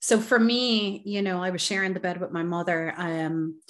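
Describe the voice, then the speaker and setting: A woman's voice: fairly low pitch, level tone, moderate pace. A woman, a psychotherapist guest on a podcast, telling her personal story in an earnest, reflective way with many "you know"s. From Ireland.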